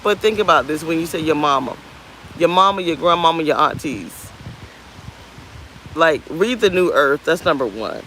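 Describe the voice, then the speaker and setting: A woman's voice: sits low, moderate pace, long pauses, rough recording. A woman in her thirties chats to the camera in a loose, rambling way, getting fired up as she goes. She talks outdoors on a beach, with a faint hum of outdoor sound behind her. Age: 30s. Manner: candid, rambling, animated. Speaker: vlogger. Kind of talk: casual talk to camera.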